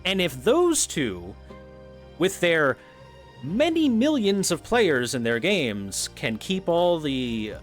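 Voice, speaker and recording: A man's voice: a little high, big pitch swings, slow, faint music behind. A man streaming a game, talking in rambling casual commentary, swearing freely and laughing at his own points. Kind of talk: casual commentary while gaming.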